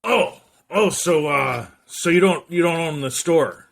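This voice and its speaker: A man's voice: fairly high pitch, unhurried, voice pushed up. A man doing a brash barking shop-owner boss. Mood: pushy. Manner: gruff, pushy, newspaper-boss bark. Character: brash fast-talking middle-aged male shop owner.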